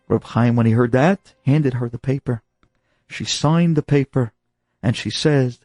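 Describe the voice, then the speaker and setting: A man telling an inspirational story with dramatic, animated delivery, slipping in Hebrew and Yiddish terms. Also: mid-range voice, normal speed, dry recording, clean studio sound, soft background music.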